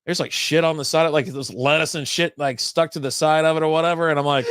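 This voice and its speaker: Fast-talking profane man telling stories. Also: fairly high pitch, fairly even intonation, fairly bright tone, clean tone. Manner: rambling, profane, laughs often, acts out quotes. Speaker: co-host of a beer talk stream. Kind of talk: casual chat, storytelling.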